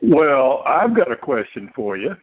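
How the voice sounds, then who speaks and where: A man with a Southern US accent calls in to a talk show, courteous and teasing in his chat. His pitch rises and falls a lot, and the sound is dry and close. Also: very animated, measured pace, slightly rough, no room sound, narrow, tinny audio. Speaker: caller, host's husband. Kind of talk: casual call-in chat.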